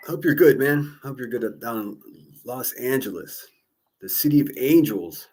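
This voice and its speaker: A man's voice: medium pitch, expressive, normal speed, a little mellow, breathy edge. A man hosting a call-in livestream, chatting casually, laughing often and stumbling over repeated words.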